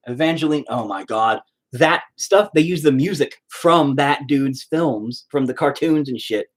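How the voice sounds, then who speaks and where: A man streaming live as he paints, chatting casually in a profane, exasperated rant. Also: a little high. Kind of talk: casual livestream chat.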